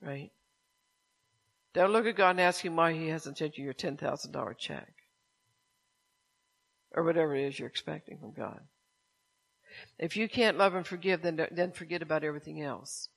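A man's voice: fairly high pitch, moderate pace, vocal fry, long pauses, a bit bright. A man preaching, reading a testimony aloud and then pressing listeners with rhetorical questions. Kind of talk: sermon with story reading.

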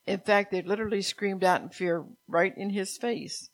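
A woman preaching a sermon at a middle pitch. She reads scripture and voices God's words to the listeners, sometimes dropping to a soft, quiet delivery. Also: fairly even intonation, normal speed, hardly any pauses.

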